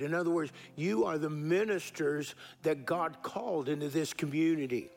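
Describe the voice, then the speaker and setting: Male pastor, middle-aged, high gravelly voice, sermon with call-and-response. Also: a little slow, pauses often, faint music behind. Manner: call-and-response preaching, varying pace and emphasis.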